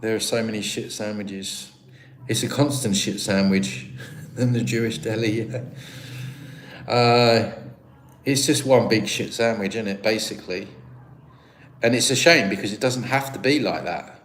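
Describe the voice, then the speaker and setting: Speaking low and measured with long pauses, a British livestream host reads out viewer comments in a rambling, self-deprecating chat. His tone is fairly bright, and there's a slight hiss or hum on the audio.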